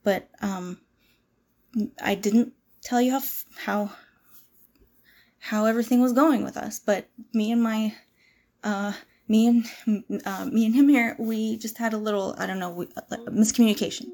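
A woman's voice: on the high side, steady tone, normal speed, darkish tone, lightly acted. A woman playing a frightened young woman in an audio role-play drama, pleading with a possessive captor. She stammers and drops into whispers. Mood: soothing, shaky.

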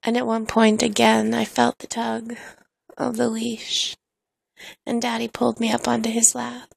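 A woman telling an intimate erotic story in a hushed, slow way, with soft sighs between phrases. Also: on the high side, completely flat delivery, gravelly, slight background noise.

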